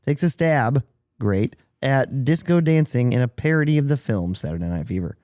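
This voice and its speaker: A man's voice: mid-range voice, expressive, moderate pace, darkish tone, dry recording, clean studio sound. Enthusiastic male podcast co-host. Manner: enthusiastic, swears freely. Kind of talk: casual chat.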